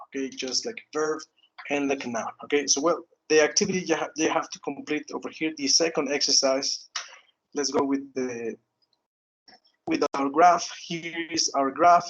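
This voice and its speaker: Halting teacher, tags "no?". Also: male voice, a little high, rough recording. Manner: halting, repeats words, frequent "okay" and "no?" tags. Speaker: English teacher. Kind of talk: online grammar lesson.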